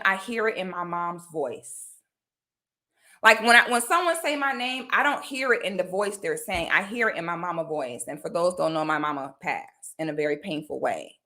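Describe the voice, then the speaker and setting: A woman from Florida talks straight to camera in a casual vlog. Her voice is bright and her delivery blunt and emphatic. She keeps checking in with her viewers, asking "okay?" as she goes. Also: mid-range voice. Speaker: commentary vlogger. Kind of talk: casual direct-to-camera talk.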